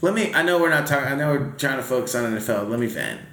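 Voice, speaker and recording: A man chatting casually about football on a podcast, animated, swearing and venting. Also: mid-range voice, racing, slight background noise. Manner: animated, swears, vents and laughs. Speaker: podcast co-host. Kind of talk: casual sports chat. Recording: echoey room.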